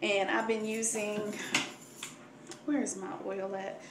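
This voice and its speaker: A woman's voice: mid-range voice, little pitch movement, slow, background noise. A young woman chatting candidly to her camera at home in a pregnancy update vlog. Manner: chatty and candid, grateful, emotional at times. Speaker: vlogger. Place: room at home. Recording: roomy, distant home camera recording with faint ambience.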